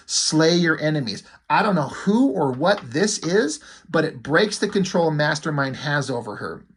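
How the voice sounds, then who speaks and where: A man with a somewhat high voice talks through a comic book page by page. He reads the characters' lines aloud and drops blunt, sometimes profane opinions between them, in a loose conversational way. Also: a bit bright, breathy edge. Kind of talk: casual comic review narration.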